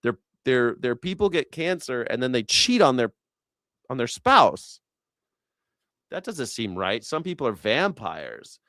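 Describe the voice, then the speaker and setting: A man hosting a live news reaction show, talking in an animated, profane, rambling way with many restarts. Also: medium pitch, a little slow, no room sound. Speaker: host.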